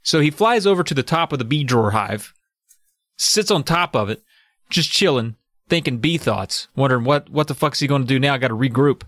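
A man's voice: medium pitch, lively intonation, brisk, fairly bright tone, no echo, clean studio sound. A man co-hosting a podcast, recapping a book's plot in loose, profane casual chat with little sound effects. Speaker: podcast co-host.

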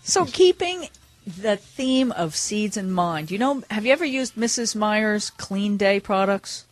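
A woman's voice: mid-range voice, expressive, measured pace. A woman hosting a radio show, chatting casually and laughing easily while reading out product details.

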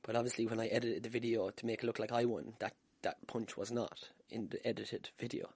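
A man's voice: fairly low pitch, steady tone, brisk, a little mellow, slightly rough, dry recording. An Irish man hosting a casual solo podcast from home, telling stories with swearing and self-deprecating humour. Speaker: podcast host. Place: room at home. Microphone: wired podcast mic.

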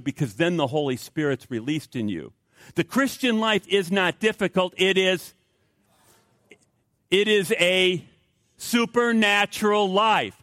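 A middle-aged man preaching with a lively, swooping delivery that climbs into sudden emphatic bursts. His voice sits a little high for a man. The sound is close and dry. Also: no room sound. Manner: emphatic, repetitive, with rising outbursts. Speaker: pastor. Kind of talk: sermon.

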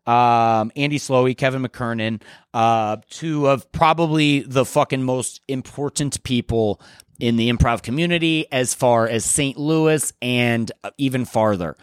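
A young man hosting a solo podcast, chatting in a rambling, profane, excitable way. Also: medium pitch, measured pace, clear, resonant tone, no room sound, studio quality. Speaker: podcast host. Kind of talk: casual solo podcast chat.

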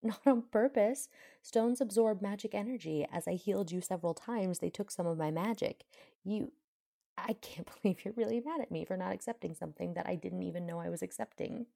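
A woman's voice: low voice, steady tone, quick pace, gravelly, hardly any pauses, mellow, exaggerated voice. A woman voicing a hot-tempered young witch, speaking with heated indignation. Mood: indignant.

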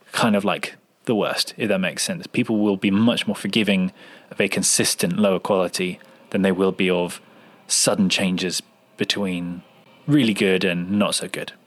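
Low-voiced man explaining editing tips. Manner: explanatory, acts out example dialogue. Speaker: sound designer. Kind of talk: interview answer.

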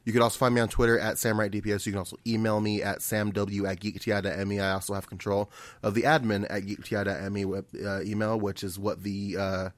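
A man's voice: on the low side, little pitch movement, quick pace, no echo. A man hosting a casual podcast, plugging merch and joking around with his co-hosts. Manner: joking, loose, swears casually. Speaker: podcast host.

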